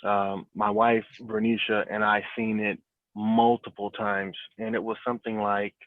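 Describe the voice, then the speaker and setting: A man's voice: lowish voice, flat delivery, a little slow, no echo. A man hosting a group call, talking in an encouraging, rambling way with many restarts. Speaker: call host. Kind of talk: casual group call talk. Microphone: cell phone. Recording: tinny phone-line audio.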